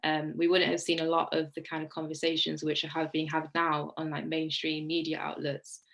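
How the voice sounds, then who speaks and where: A woman speaking as a panelist in an online academic discussion, quick and self-correcting as she searches for words. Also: low-pitched, monotone, creaky, a bit bright, rough recording. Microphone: video call.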